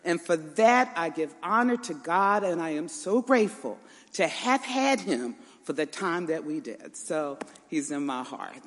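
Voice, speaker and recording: A woman telling lively stories in a reverberant church. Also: on the low side, a little slow. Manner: lively storytelling, laughing through a family story. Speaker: niece giving a eulogy. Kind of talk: funeral tribute speech. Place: large church sanctuary. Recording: long hall reverb.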